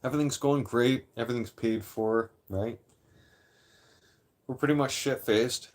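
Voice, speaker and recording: A man's voice: mid-range voice, a little slow, a little mellow. A man in his late thirties telling a long story to a live chat in a casual, profane, rambling way, often repeating and restarting phrases. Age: 30s; late 30s. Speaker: livestream host.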